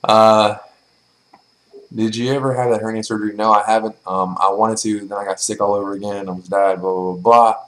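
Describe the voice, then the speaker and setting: A man's voice: fairly low pitch, steady tone, a little fast, fairly bright tone, low-quality recording. A young man casually answering viewer questions in a vlog, blunt and profane, with plenty of ums and likes. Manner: blunt, swears freely, lots of filler.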